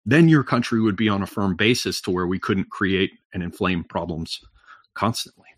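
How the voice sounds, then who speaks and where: A man with a lowish voice holding forth as a podcast guest, recorded dry and close. He meanders through long explanations full of um, you know and restarts, dropping casual profanity. His tone stays conversational even as he drones on. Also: moderate pace, no room sound. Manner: rambling, frequent fillers and restarts, profane. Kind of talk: long-winded conversational monologue.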